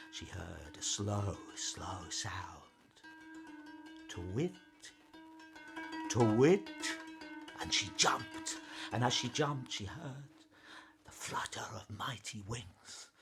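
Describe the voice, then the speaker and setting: A male storyteller spinning a fairy tale at a very unhurried pace. He lingers over words and often sinks into a hushed whisper. Soft music sits faintly behind him. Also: medium pitch. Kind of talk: storytelling for adults.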